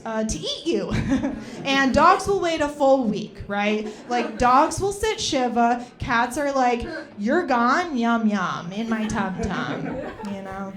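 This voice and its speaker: A young woman performs a stand-up comedy set, rambling and chatty with plenty of fillers. Her slightly high voice bounces around a lot, as though she's riffing live.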